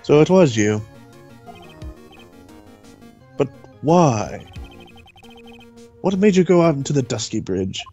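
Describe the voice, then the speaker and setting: A man voicing a stern, formal male prosecutor, questioning in a measured way. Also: medium pitch, very animated, dark tone, highs cut off, faint music behind. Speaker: let's play voice actor.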